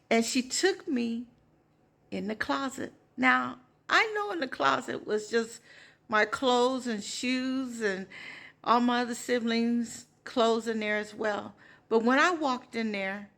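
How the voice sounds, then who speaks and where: A woman in her sixties shares a personal testimony with emotion. Her voice is raised a little and gravelly, and she draws her words out slowly. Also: fairly high pitch, a bit bright. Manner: emotional, heartfelt, drawn-out. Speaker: storyteller giving a testimony.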